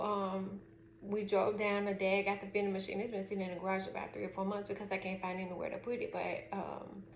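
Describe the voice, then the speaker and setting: A middle-aged woman with a Southern US accent tells a frank, rambling story about her daughter in a casual vlog, full of fillers. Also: medium pitch. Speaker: mother. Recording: roomy echo, faint background noise.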